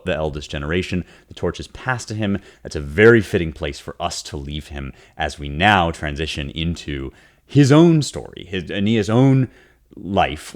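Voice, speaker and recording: Deep-voiced man lecturing on poetry. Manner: earnest, reads Latin verse aloud, frequent restarts. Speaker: podcast host. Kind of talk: lecture-style commentary.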